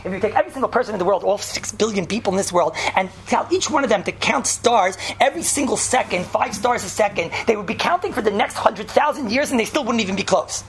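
Fast, gravelly woman preaching with inflection. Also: medium pitch, slight background noise. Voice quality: excitable, stammering restarts, repeats phrases. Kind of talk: mock Torah sermon.

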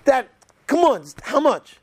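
A man voicing an excited young boy who keeps pleading with his dad in a told story. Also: extremely high pitch, a little slow, pitched above the performer's own voice, full character voice. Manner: insistent, pleading.

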